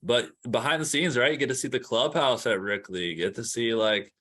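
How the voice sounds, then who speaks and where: Bright-voiced man chatting casually. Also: mid-range voice, a little fast. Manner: relaxed storyteller with fillers. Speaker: podcast host. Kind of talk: casual chat.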